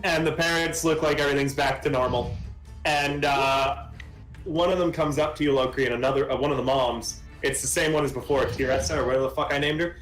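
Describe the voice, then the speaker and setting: A man's voice: mid-range voice, steady tone, a little fast, fairly bright tone, roomy sound, faint music behind, poor audio. A man running a tabletop game as game master, narrating in a casual, rambling way.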